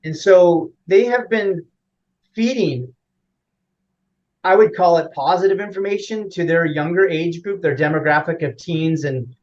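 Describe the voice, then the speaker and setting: Male interview guest, slightly high voice, rambling with fillers, lo-fi audio. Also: unhurried, darkish tone, slight background noise. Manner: rambling, many fillers and restarts. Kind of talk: casual explanatory interview.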